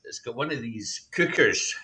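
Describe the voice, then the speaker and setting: A man's voice: mid-range voice, lively intonation, moderate pace, sharp tone, slightly rough. A Scottish man chatting on a video call as a guest, hesitant with many ums and restarts. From Scotland. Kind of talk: casual video call chat.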